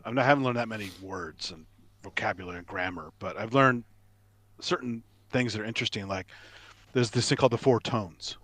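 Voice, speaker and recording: A man chatting on a video call, animated and often repeating words as he talks. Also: fairly low pitch, fairly quick, no echo. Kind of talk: casual chat.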